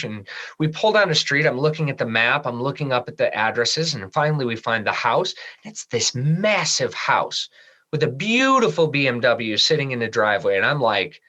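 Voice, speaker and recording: A middle-aged man from Michigan telling a personal story as a podcast guest, lively in the telling and falling soft and low at the serious moments. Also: poor audio. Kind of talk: storytelling in an interview.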